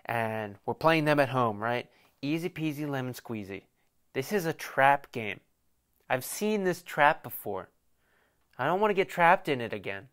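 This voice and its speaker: Man, young adult, podcast host, rambling casual talk, smooth resonant voice, mid pitch. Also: lively intonation, a bit bright. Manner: rambling, joking, fast bursts. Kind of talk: casual solo sports podcast.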